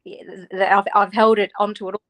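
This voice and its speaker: A woman's voice: mid-range voice, flat delivery, a little fast, fairly bright tone. A woman with an Australian accent, an author chatting as a guest over a video call, talking freely with frequent laughs. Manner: chatty, laughs often, restarts words. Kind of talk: casual interview chat.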